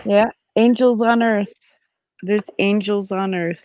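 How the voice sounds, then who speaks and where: Slow-talking woman on a tinny line. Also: mid-range voice, fairly even intonation, dry recording. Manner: brief reactions, gentle laughs. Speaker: guest on a call. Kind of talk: casual chat. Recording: dry tinny phone-like call line.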